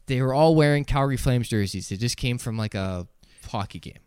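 Young guy spinning a story on a podcast, smooth clear voice, dry close mic, acts out the other guys' lines. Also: medium pitch, brisk, no echo. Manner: animated storyteller, acts out voices, laughs mid-sentence. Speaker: podcast co-host. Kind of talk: casual storytelling.

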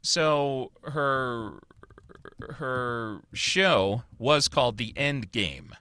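A man's voice: medium pitch, drawn-out words, pushed and bright, smooth, dry recording, clean studio sound. A man hosting a casual chat show, ranting about what to watch in a loose, profane way. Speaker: podcast host.

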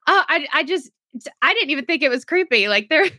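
A podcast co-host chats casually, laughing often as she tells stories, in a high-pitched, expressive voice that is bright and forceful. She talks a little fast, and the clean studio recording has no room sound.

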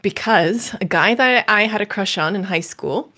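Bright-voiced woman telling stories. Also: medium pitch, moderate pace. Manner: candid, self-deprecating storytelling. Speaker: podcast guest. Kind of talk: casual chat.

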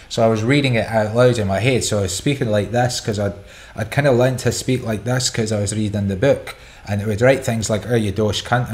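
Lowish and somewhat dark in tone, this middle-aged man's voice carries a relaxed chat show where he takes listeners' questions. His replies are frank, meandering stories full of repeated words.

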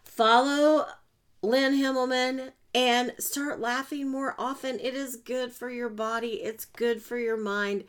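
A woman talks through a motivational podcast monologue in a slightly high voice. She is chatty and self-mocking, with sudden loud, excited bursts. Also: unhurried, hardly any pauses, clear, resonant tone. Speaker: podcast host and coach.

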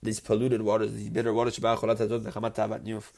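A man's voice: fairly low pitch, monotone, very fast, gravelly, darkish tone. Man teaching a Torah lesson. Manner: poses rhetorical questions and answers them; reads Hebrew phrases, then translates each. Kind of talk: religious text lesson.

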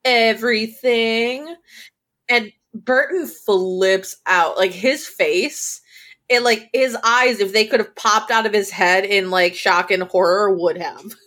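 A woman's voice: medium pitch, slow, fairly bright tone. A woman co-hosting a casual TV recap podcast, retelling scenes through quoted dialogue and swearing casually. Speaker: co-host.

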